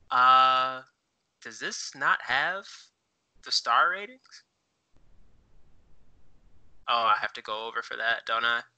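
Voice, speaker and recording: A man's voice: medium pitch, animated, takes it slowly, pauses often, pushed and bright, poor audio. A man co-hosting a podcast in casual chat, rambling with many fillers as he looks things up while talking. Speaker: podcast co-host.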